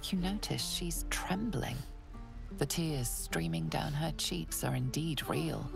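A woman speaking as the narrator of a fantasy video game, in slow, measured scripted narration. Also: deep voice, creaky, heavily acted. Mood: solemn. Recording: game audio with music behind.

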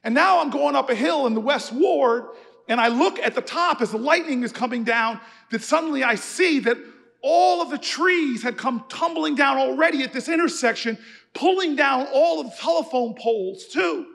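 A man delivers a keynote like a sermon, his very high voice carrying a gravelly edge. He moves from storytelling to rousing, shouted repetitions, and his words ring out through a long, echoing church hall. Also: expressive, moderate pace. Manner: storytelling that builds to shouted, rhythmic refrains. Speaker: keynote speaker. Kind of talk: preacher-style keynote speech.

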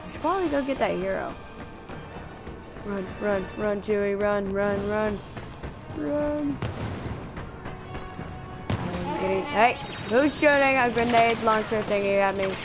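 A woman giving casual, playful gameplay commentary and taunting her opponents out loud. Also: mid-range voice. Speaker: gamer.

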